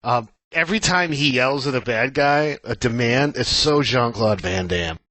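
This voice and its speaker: Bright, dry-sounding joking man. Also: medium pitch, animated, normal speed, dry recording. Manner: jokey, does silly impressions. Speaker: podcast co-host. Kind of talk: casual film podcast discussion.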